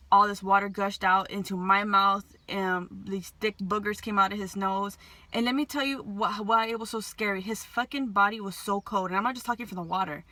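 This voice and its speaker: Agitated swearing woman vlogger, bright voice. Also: mid-range voice, no echo. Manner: agitated, heavy swearing, many restarts. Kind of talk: emotional storytime vlog.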